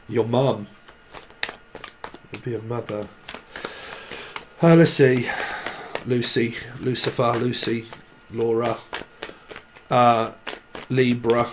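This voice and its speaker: A man's voice: medium pitch, steady tone, slow, long pauses, background noise. A man giving a casual tarot reading to camera. He rambles, laughs often and drifts into snatches of song. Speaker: tarot reader.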